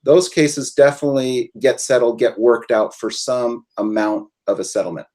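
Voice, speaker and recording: A male attorney guest on a webinar with a mid-range voice. He talks in a measured way, laying out legal outcomes step by step in plain conversation. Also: mid-range voice, fairly even intonation, warm tone.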